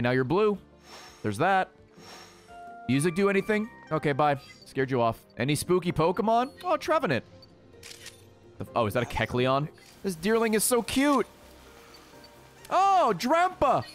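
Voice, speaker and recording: An American man giving casual, excitable gameplay commentary, joking and talking to the creatures on screen. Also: fairly high pitch. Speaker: gaming video creator.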